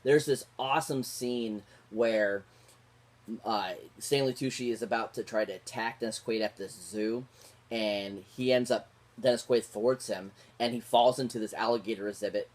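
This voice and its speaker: A man's voice: lowish voice, fairly even intonation, normal speed. Gushing male movie reviewer. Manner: gushing, repeats favourite words; rambling with fillers and restarts. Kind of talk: casual spoken film review.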